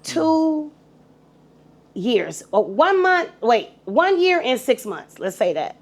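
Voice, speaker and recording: A middle-aged woman with a high voice tells her story as a podcast guest. She is animated and profane, and she acts out the people she talks about. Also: measured pace.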